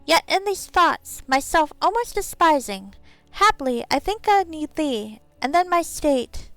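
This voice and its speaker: A woman's voice: high voice, sing-song, a little slow, a bit bright, no room sound, soft background music, full character voice, rough recording. A woman voicing a tiny female pixie with a sing-song, theatrical delivery.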